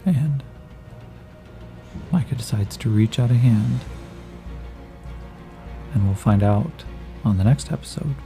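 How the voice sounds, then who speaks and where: A man's voice: mid-range voice, takes it slowly, gravelly, long pauses, warm tone, soft background music. A man narrating a solo tabletop role-playing game, thinking aloud and calling out dice rolls in a casual way.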